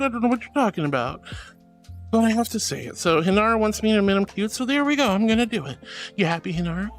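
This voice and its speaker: A woman streamer in a casual live chat. Her voice swoops up and down in a lively way as she protests in mock outrage and greets her viewers fondly. Soft music runs faintly underneath. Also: mid-range voice, quick pace. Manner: playful and theatrical, mock-indignant protests.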